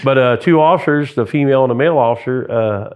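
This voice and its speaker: A man's voice: medium pitch, fast, clean tone. A middle-aged man, a former police sergeant, telling stories in a casual interview and acting out the radio calls he quotes. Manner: animated anecdotes, acts out radio calls and quotes. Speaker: retired police sergeant, guest.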